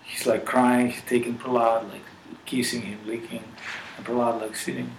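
A man's voice: mid-range voice, flat delivery, normal speed, vocal fry, distant mic. A man giving a devotional talk, animatedly retelling a scripture story with many fillers. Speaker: spiritual speaker. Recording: roomy with faint noise.

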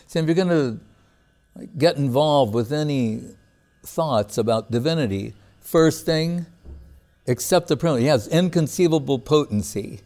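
A man teaching a relaxed devotional class in a plain, mid-pitched voice. He talks loosely and conversationally, chuckling often and restarting his sentences as he thinks aloud. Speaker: spiritual teacher.

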